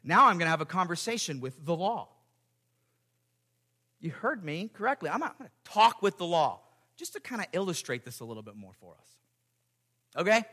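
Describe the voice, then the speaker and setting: Male pastor, emphatic sermon delivery with joking asides; high, bright voice. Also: very animated, moderate pace, long pauses.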